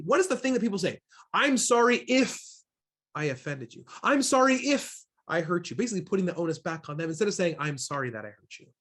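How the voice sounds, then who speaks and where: Here a man with a high, slightly breathy voice leads an online diversity workshop. He's a trainer from Seattle, USA, speaking into a computer mic, and he's emphatic and full of questions for those listening.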